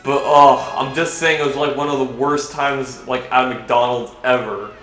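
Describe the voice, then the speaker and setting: Over faint game music and a roomy echo, a young adult vlogger gives rambling gameplay commentary at a normal pace, his medium-pitched voice steady. He hesitates, restarts often, and lets out swears when things irritate him.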